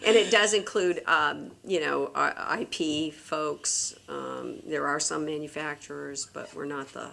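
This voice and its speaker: Gravelly low-voiced woman testifying. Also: fairly even intonation, sharp tone. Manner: candid, talks in halting restarts. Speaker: manufacturing company president testifying. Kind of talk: public hearing testimony.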